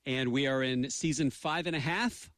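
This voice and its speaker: A man's voice: medium pitch, moderate pace, a bit bright, dry recording. A middle-aged man co-hosting a radio show, joking around in goofy, mock-pompous banter.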